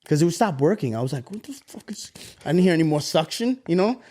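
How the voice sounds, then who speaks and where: Man, 30s, podcast co-host, casual profane storytelling, fairly high pitch, jumps up for voices. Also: animated, rapid-fire, dark tone.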